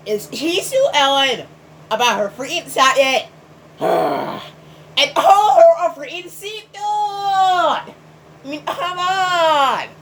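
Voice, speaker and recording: A woman ranting in a review video, exasperated and sighing heavily between sentences, breaking into indignant shouts. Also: high voice, slight background noise, low-quality recording.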